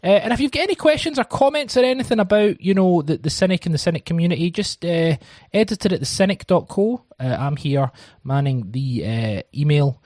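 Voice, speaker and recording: Chatty podcast host, higher-pitched. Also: male voice, brisk, hardly any pauses, darkish tone, no echo, clean studio sound. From Scotland. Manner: chatty, rambling, lots of ums and uhs. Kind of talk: casual podcast chat.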